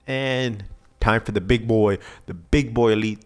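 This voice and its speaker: A man casually commenting on a video game pack opening, excitable and begging the game for good pulls. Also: on the low side, measured pace, smooth. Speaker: gaming channel host.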